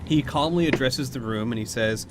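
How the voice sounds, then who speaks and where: A man's voice: mid-range voice, normal speed, heavy background noise. A man narrating scenes and explaining rules as the game master of a tabletop role-playing game, in a chatty, descriptive way.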